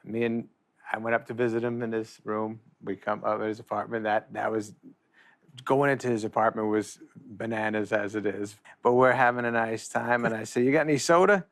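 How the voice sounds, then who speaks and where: A man's voice: on the low side, normal speed. A man casually telling a funny anecdote, laughing as he goes and acting out what people said. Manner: animated, laughs through the story, acts out quotes. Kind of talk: casual storytelling.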